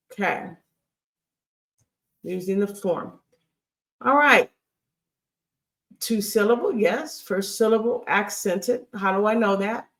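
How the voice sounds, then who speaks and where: A woman's voice: mid-range voice, distant mic. A woman teaching a recorded Hebrew grammar lesson over slides, patient and repetitive, checking in with "okay?" as she goes. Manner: patient, repeats key points, many fillers and checks like "okay?". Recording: voice set back from the mic.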